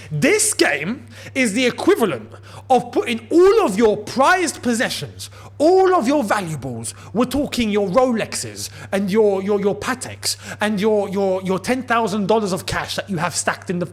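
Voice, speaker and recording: A man's voice: sits high, big pitch swings, moderate pace. A man hosting a football channel, delivering an exasperated, emphatic post-match rant with lots of repetition.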